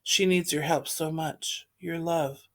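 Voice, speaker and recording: Brief: woman reader voicing a patient father figure, gentle and steady. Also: sits low, slow pace. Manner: calm, soothing.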